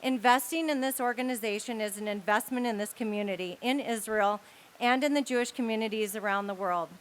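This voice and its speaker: A woman with a fairly high voice reads prepared remarks at a podium microphone. She keeps her delivery steady and formal and asks the audience for support at a charity event. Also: a little fast, slight background noise. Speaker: leader of a women's philanthropy council.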